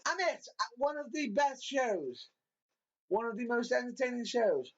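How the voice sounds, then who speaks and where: A man co-hosting a podcast, giggling a lot and swooping up into high squeals when he laughs or mimics. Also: sing-song, unhurried. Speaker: podcast co-host. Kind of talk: casual storytelling chat. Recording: dull lo-fi audio.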